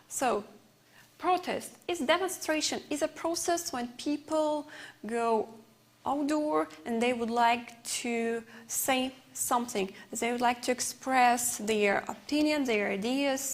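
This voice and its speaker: A woman with an Uzbek accent teaches English for a television class. Her voice sits high, and she works through each word at an unhurried, measured pace, explaining it patiently. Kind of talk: TV English lesson.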